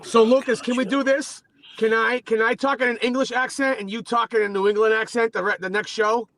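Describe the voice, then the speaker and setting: A man's voice: extremely high pitch, steady tone, fairly quick, fairly bright tone, dry recording. A man co-hosting a livestream over a video call, joking around and crude in a playful way. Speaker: livestream co-host. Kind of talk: casual chat.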